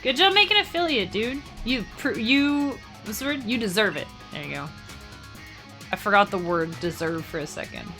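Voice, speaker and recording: Young woman streamer chatting w/ chat, bright voice, faint game music behind. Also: mid-range voice, lively intonation. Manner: chatty, talks to chat, quick laughs. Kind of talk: casual live-stream chat while gaming.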